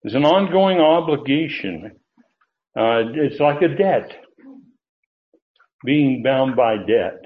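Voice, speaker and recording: Speaking slowly and pausing often, a male pastor uses a medium-pitched voice with lively intonation. He teaches through an expository sermon, lifting his voice to emphasize key words, over tinny phone-like audio.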